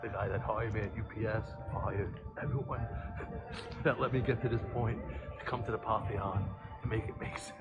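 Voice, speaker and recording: A man's voice: fairly low pitch, fairly even intonation, normal speed, muffled recording. Giggly stoned man vlogging, music behind. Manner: giggly, loose, joking. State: high. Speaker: tourist vlogger. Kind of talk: casual vlog.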